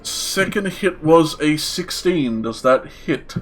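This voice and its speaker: Slow-talking laughing game master man. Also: on the high side, expressive. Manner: laughing often, halting with fillers. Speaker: dungeon master. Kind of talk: narrating a tabletop game.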